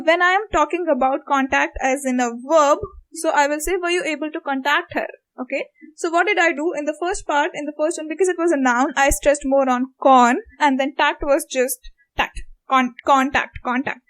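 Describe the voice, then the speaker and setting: A woman's voice: sits high, rough recording. A woman from India with an Indian English accent, patiently explaining a lesson and repeating example words aloud. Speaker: teacher. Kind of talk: online lecture explanation.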